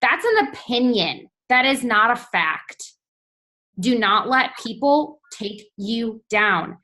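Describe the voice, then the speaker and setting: A woman in her twenties with a fairly high voice speaks in an earnest, soft-spoken way during a motivational team talk. She encourages listeners steadily, keeping an even, heartfelt tone. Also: slow pace. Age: 20s.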